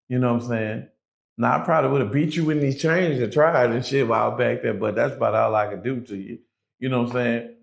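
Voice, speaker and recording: Gravelly-voiced man telling a story. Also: medium pitch, brisk. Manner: animated, profane street talk, quotes others. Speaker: guest telling prison stories. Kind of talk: casual storytelling.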